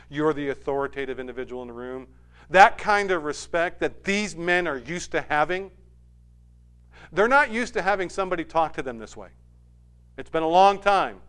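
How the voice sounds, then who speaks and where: A man preaching a sermon, swinging from quiet, low passages up to loud, emphatic stretches. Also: clear, resonant tone. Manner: rising to emphatic, forceful stretches, then dropping low and quiet.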